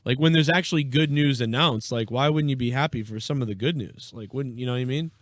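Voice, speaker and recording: This is a live-stream show: a young man reacting to politics casually, talking quickly at a medium pitch, with blunt sarcasm and frequent swearing. The sound is dry and studio clean.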